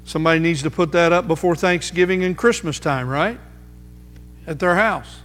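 High-voiced man preaching in a reverberant church. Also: a bit bright. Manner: emphatic, repeats phrases slowly for weight. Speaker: pastor. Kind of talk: sermon. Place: church sanctuary. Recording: music under voice, long hall reverb.

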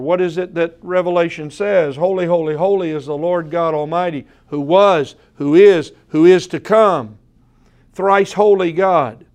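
A man preaching an evening sermon, earnest and emphatic, slowing down to repeat key words and addressing his listeners directly. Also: fairly high pitch, darkish tone. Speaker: pastor.

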